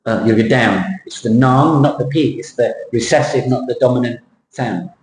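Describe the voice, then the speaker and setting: A man coaching pronunciation, stretching words out and repeating them for learners. His voice sits at a middle pitch and rings in a roomy classroom, with a faint hum underneath. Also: darkish tone. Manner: drills words slowly, mixes in Thai asides. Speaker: pronunciation teacher. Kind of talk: accent coaching lesson.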